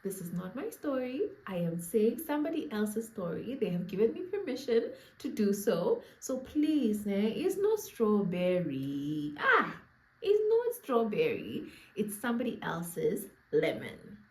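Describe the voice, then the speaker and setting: Young Namibian woman, storytime vlogger, lively upper-register voice with lots of movement, roomy echo. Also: on the high side, a little slow. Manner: animated, laughing, playful asides to viewers. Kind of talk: casual storytime chat. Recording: echoey room.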